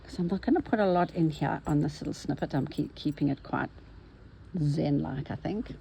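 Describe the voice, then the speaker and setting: A woman's voice: sits low, moderate pace, vocal fry, dark tone, a little hiss or hum, poor audio. A woman narrating her embroidery vlog, cheerful and chatty as she talks to herself while she stitches at home. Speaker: embroidery vlogger.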